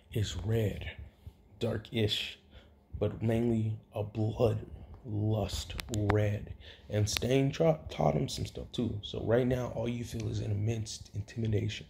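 A man improvises a fan story aloud in a relaxed, rambling way, full of fillers and self-corrections. His voice carries a gravelly fry, and he gets loud and excited when the story turns dramatic. A faint hiss runs under the recording. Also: medium pitch. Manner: rambling, with many fillers and restarts. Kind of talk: casual improvised retelling.

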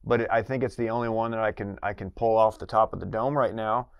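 A man competing in an office quiz, halting and stammering as he thinks out loud in casual chat. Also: on the low side, steady tone, slight background noise. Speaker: quiz contestant.

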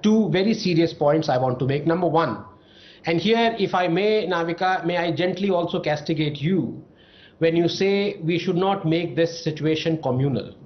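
A man's voice: high-pitched, muffled recording. A man arguing emphatically as a panelist in a televised debate, rattling off long lists.

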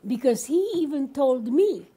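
A woman's voice: high voice, animated, moderate pace, warm tone. An older woman giving an earnest, emphatic talk at a dinner event, telling a story to the room. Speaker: guest speaker.

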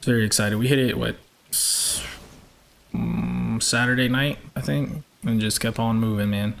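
A man's voice: mid-range voice, steady tone, measured pace, vocal fry, a bit bright, slight background noise. Chatty streamer man. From Georgia, US. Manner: upbeat, chatty, reads out viewer names. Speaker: game streamer. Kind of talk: live-stream chat while racing.

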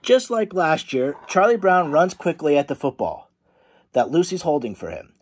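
A man, a teacher, reading a picture book aloud to children in a friendly, animated way. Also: fairly high pitch, moderate pace, husky. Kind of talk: storybook read-aloud for children.

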